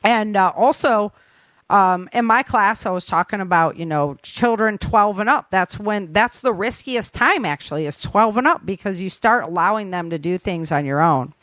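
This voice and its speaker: A woman's voice: mid-range voice, lively intonation, moderate pace, a bit bright, no room sound. Woman, middle-aged, chatty storyteller, laughs often, dry close recording. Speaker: author and camp instructor. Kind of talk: casual chat.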